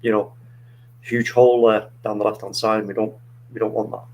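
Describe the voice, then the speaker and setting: A man's voice: lowish voice, level tone, a little fast, darkish tone. Rambling matey man on a fan call. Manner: rambling, restarts and fillers, matey slang. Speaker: fan podcast panelist. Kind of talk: casual football chat.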